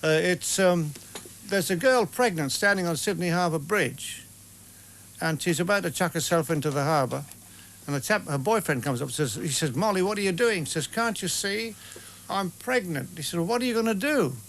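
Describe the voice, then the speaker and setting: A man presenting a travel documentary, cracking jokes and interviewing with playful, halting restarts. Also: high voice, animated, a bit bright. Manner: playful, hesitant joke-telling with many restarts.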